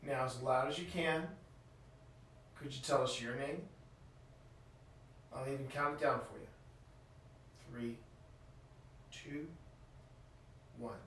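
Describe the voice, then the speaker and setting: A man's voice: medium pitch, slow pace, long pauses, a bit bright. Guy ghost hunting in an old inn, sounds far from the mic, big echo. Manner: calls out to spirits in a coaxing, friendly tone. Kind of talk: live ghost hunt chat. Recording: echoey room, voice from far off, faint hiss.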